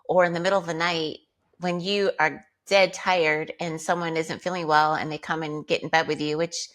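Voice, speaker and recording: A woman co-hosting a podcast, telling everyday parenting stories in a relaxed, conversational way. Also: low voice, normal speed. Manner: relaxed conversational storytelling, frequent agreeing. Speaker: podcast co-host. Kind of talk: casual chat.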